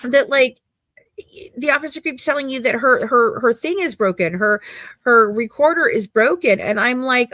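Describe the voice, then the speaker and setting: Woman host, live chat; exasperated rambler, higher voice, dry close mic. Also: normal speed, a bit bright, no echo. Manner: rambling, exasperated, many restarts. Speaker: podcast co-host. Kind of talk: casual live-stream chat.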